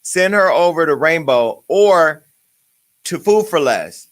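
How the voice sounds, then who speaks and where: A man's voice: on the high side, expressive, takes it slowly. A man hosting a celebrity gossip show, ranting crudely and brashly with a stream of insults. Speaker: host. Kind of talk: profane comedic celebrity gossip.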